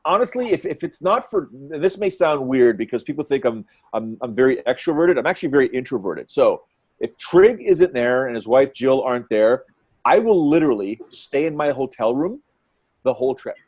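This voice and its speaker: A man in his forties, a fight commentator guest, telling stories in an excitable, quick way and acting out what people said. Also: medium pitch, breathy edge. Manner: excitable, quick storyteller who acts out quotes. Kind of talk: animated storytelling in conversation.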